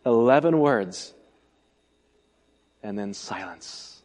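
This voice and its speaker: A man preaching an expository sermon, emphatic, asking rhetorical questions and swinging between loud and soft delivery. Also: medium pitch, animated, takes it slowly, big-room sound. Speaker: pastor.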